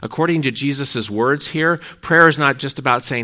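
Guy pastor giving a sermon, chatty storyteller, bright clear voice. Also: medium pitch, normal speed, hardly any pauses. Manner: conversational, storytelling.

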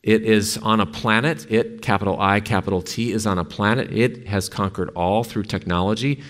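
A very deep-voiced male preacher delivers a sermon. He reads a story aloud with strong emphasis and dramatic pacing. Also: steady tone, normal speed, fairly bright tone. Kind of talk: sermon with a dramatic book reading.

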